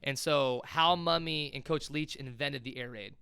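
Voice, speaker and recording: A young man telling stories in a casual interview, talking fast, swearing freely and dropping "man" and "bro". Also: a little high, sharp tone, smooth, dry recording. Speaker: former college football player, guest.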